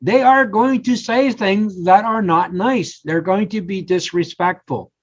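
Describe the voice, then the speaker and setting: Older male podcast guest, lively storyteller, slightly muffled lo-fi sound. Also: sits high, measured pace. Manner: animated storyteller, acts out quotes. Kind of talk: casual interview talk. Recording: slightly dull lo-fi audio.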